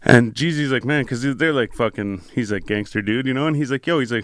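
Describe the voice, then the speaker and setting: Male host, casual and swearing freely, smooth voice, dry studio sound. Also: medium pitch, a little fast, hardly any pauses, no room sound. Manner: loose, profane storytelling. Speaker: podcast host. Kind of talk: casual interview chat.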